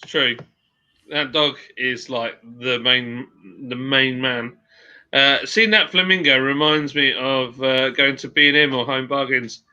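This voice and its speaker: A man's voice: medium pitch, fairly even intonation, measured pace, sharp tone, clear, resonant tone, lo-fi sound. A man hosting a casual live stream, chatting with a friend, joking and reading out viewer comments. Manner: chatty, jokey, rambling.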